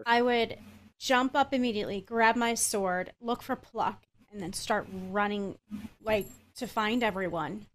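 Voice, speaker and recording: A woman's voice: medium pitch, measured pace. A woman playing a tabletop game, speaking as her captain character with frantic urgency. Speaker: player.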